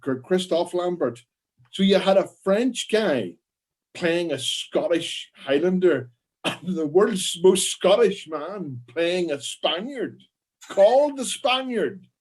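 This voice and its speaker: Husky, higher-voiced man telling anecdotes. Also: takes it slowly. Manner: swearing, animated anecdote teller. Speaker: podcast co-host. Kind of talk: casual panel chat.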